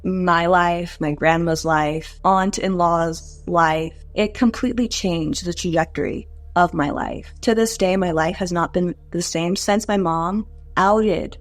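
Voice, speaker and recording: A young woman in her twenties tells her own life story to an interviewer in a candid, conversational way. Her voice sits a little low for a woman, and she leans on casual fillers and sometimes lifts her pitch to act out what others said. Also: steady tone, measured pace, hardly any pauses, dry recording, faint music behind. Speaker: interview guest.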